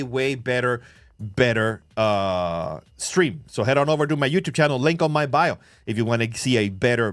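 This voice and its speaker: A man hosts a casual livestream from his phone, his voice sitting a little high for a man. He talks excitably, swears freely and fires off quick shout-outs to viewers. The sound is dry and close, with faint music underneath. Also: dry recording. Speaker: crypto livestream host.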